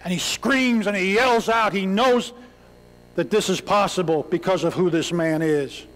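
High-voiced preacher man in a reverberant church. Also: a little slow, a bit bright. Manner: dramatic storytelling preacher who acts out cries. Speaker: pastor. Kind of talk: sermon. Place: church sanctuary. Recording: long hall reverb.

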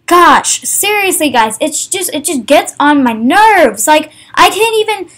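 Young woman, high-pitched, exasperated, ranting, casual gaming vlog, lots of fillers. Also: sing-song, a bit bright. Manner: exasperated, fast, filler-heavy with many "like"s. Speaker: gaming vlogger. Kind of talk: casual ranting commentary over gameplay.

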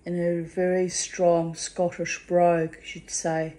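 A woman's voice: fairly low pitch, level tone, slow pace, hardly any pauses, mellow. A middle-aged woman speaking in a personal vlog monologue, bitter and confiding, with blunt swearing. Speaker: vlogger.

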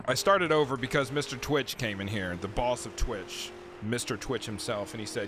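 A man streaming a video game, swearing and yelling at what happens on screen. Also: mid-range voice, moderate pace, few pauses. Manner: profane, excitable, yells at the game. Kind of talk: live game streaming commentary. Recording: noisy with game sounds behind. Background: game sounds and vehicles.

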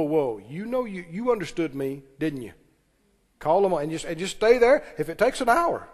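A man preaching. His voice sits high for a man. The long reverb of a large church hall carries every phrase as he calls for answers from the pews. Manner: preaching with call-and-response, quick asides and laughs. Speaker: pastor. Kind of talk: sermon. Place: church sanctuary.

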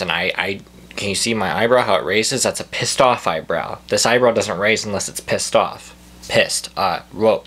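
Deadpan young man ranting, bright tone. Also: fairly low pitch, moderate pace, slightly rough. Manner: deadpan mock-outrage, profane, exaggerated. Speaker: comedy vlogger. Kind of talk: comedic rant to camera. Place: at home indoors.

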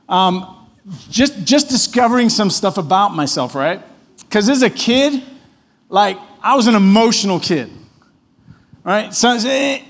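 A man preaching a conversational sermon as pastor in church, telling stories casually and often tagging on questions. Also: high-pitched. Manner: casual storytelling, frequent tag questions.

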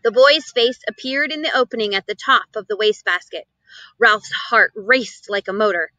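A woman reads a children's chapter book aloud, expressive and animated. Her voice is bright and fairly high. It's recorded close and dry. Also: moderate pace, no echo, rough recording. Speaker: reader. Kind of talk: storybook read-aloud.

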